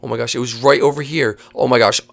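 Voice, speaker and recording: A woman hosting a game role-play, leading her friends in an excitable, bossy way with sudden shouts. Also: a bass voice, fast talker, gravelly. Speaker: host.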